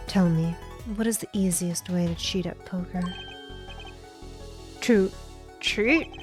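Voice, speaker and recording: A woman voicing a suave, calm male lawyer from a game, speaking smoothly and slowly. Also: fairly low pitch, soft background music. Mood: sly.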